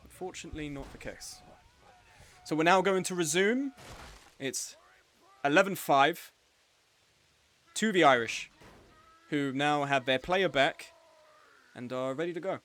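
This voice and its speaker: Young male esports commentator, slightly high voice, chatty and playful live play-by-play. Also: measured pace, long pauses, fairly bright tone. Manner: chatty and joking, with frequent laughs. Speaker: game tournament commentator and streamer.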